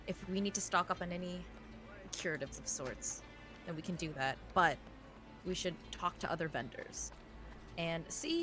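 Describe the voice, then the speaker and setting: A woman chatting as a player in a tabletop game, proposing plans in an animated way. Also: lowish voice, over music. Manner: suggesting plans, rapid and animated. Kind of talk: casual tabletop play.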